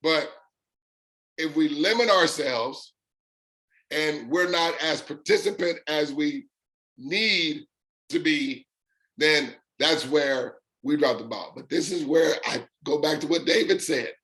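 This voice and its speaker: With a fairly high pitch and fairly bright tone, a man runs a live talk for his online business followers. He's emphatic, repeating ideas in rapid-fire lists and lingering on important words.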